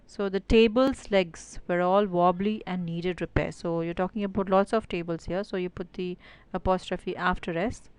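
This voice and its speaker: Smooth-voiced woman teaching grammar. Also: fairly low pitch, fairly even intonation, normal speed, darkish tone. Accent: Indian English. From India. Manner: explains step by step with many "so" and "uh" fillers. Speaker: English teacher. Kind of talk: recorded online grammar lesson.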